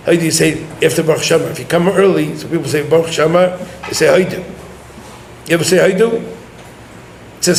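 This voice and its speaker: Rabbi, high voice, lecturing and quizzing students in a reverberant hall. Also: male voice, fairly quick, a little hiss or hum. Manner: mixes Hebrew and Yiddish terms into English, addresses listeners directly. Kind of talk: Torah lecture.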